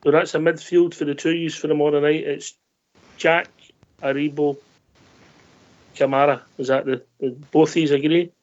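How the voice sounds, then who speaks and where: A man's voice: a little high, little pitch movement. A man with a Scottish accent hosting a fan radio show, friendly and teasing as he brings in callers. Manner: friendly, teasing, quick to laugh. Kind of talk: casual football chat. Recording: dull lo-fi sound.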